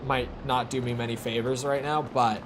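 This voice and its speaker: A man's voice: medium pitch, little pitch movement, normal speed, background noise. A man giving rambling live gameplay commentary, chatting to viewers and correcting himself as he goes. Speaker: streamer.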